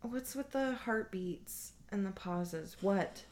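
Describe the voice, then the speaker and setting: A woman's voice: medium pitch, animated, takes it slowly, darkish tone, a little hiss or hum. A woman giving casual, blunt and sarcastic commentary while watching a movie. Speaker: podcast guest.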